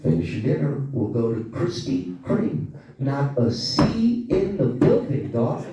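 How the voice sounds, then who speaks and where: A man doing a stand-up comedy set on a club stage, telling profane, animated stories with asides to the crowd. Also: mid-range voice, measured pace. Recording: echoey club audio from far off. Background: small audience laughing.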